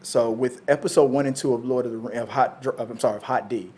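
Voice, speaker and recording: A man hosting a casual movie chat show, rambling and animated, swearing freely. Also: mid-range voice, fast talker. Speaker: podcast host.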